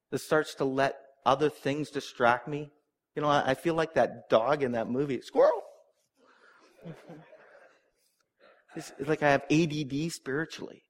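A middle-aged man preaching a sermon, earnest and animated, with asides to the congregation. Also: mid-range voice. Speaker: pastor.

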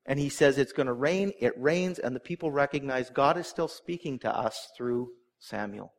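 A middle-aged man preaching a sermon, earnest and animated, with asides to the congregation. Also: medium pitch, moderate pace. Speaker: pastor.

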